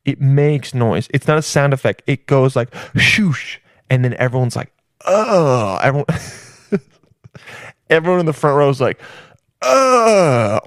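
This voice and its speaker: A man's voice: medium pitch, a little fast, clear, resonant tone, no room sound. A man in the middle of a vulgar comedic riff, tumbling through restarts and profanity in an ordinary mid-range voice. The recording is dry and close, with no room sound. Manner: crude, rambling, with many restarts and swearing.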